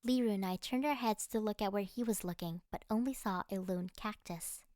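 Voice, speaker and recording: A woman narrating a first-person fantasy audiobook in an expressive, dramatic way. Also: mid-range voice, a little fast, no room sound, studio quality.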